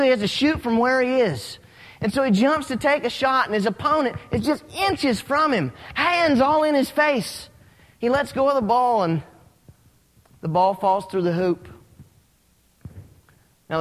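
A man preaching a sermon as a pastor, telling stories with animated, rising emphasis. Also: high-pitched. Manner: animated storytelling, rising when excited. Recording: long hall reverb.

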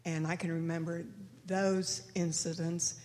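An older woman in her eighties sharing a memory in a low, level voice that barely rises or falls. She talks slowly and haltingly, stopping to recall names. The hall gives her words a long echo over a faint background hum. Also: little pitch movement, darkish tone. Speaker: church member sharing a memory. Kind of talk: slow personal reminiscence. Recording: echoey hall with faint noise.

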